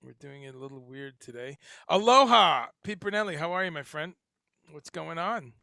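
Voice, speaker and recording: A man's voice: fairly high pitch, animated, normal speed, creaky, pushed and bright, no room sound, clean studio sound. A man hosting a casual livestream chat, talking in a rambling way with lots of fillers and restarts. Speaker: livestream host. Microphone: headphones and home streaming setup.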